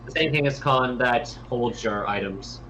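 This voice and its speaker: A man's voice: medium pitch, measured pace, bright, forceful tone, a little hiss or hum, rough recording. A man co-hosting a game stream, dropping wry side remarks. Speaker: stream co-host. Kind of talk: casual gameplay commentary.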